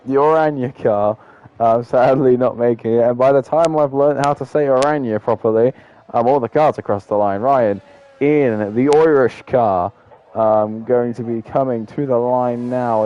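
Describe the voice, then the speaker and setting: A man's voice: medium pitch, warm tone, lo-fi sound, slight background noise. A man giving casual live commentary on a sim race, with lots of filler ums and a loose, chatty way of talking.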